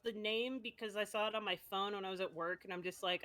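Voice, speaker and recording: A woman player at a tabletop game, chatting casually with quick asides and laughs. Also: mid-range voice, steady tone, fairly bright tone.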